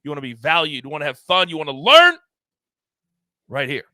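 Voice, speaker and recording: A man's voice: a little high, very animated, brisk, pushed and bright, no room sound. A middle-aged man hosting a sports betting show, running through picks in an emphatic, playful way with big jumps in his voice. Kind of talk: energetic sports betting recap.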